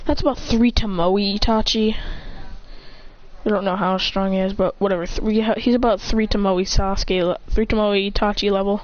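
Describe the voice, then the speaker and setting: A woman's voice: medium pitch, steady tone, moderate pace. Woman telling an action fan story, dull audio. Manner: acts out shouted attack names and gasps between narration. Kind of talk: casual fan-fiction storytelling.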